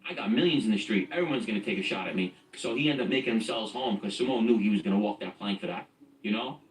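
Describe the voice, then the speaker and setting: A man's voice: fairly low pitch, quick pace. Blunt, profane man in an echoey room. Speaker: guest recounting his past. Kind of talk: casual spoken storytelling. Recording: echoey, distant from the mic, faint music.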